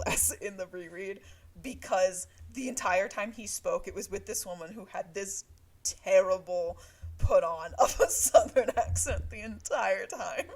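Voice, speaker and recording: A woman talks through a book in an easy, casual chat with her co-host. She laughs often and fills gaps with plenty of fillers. Her pitch sits in an ordinary middle range. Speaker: podcast co-host.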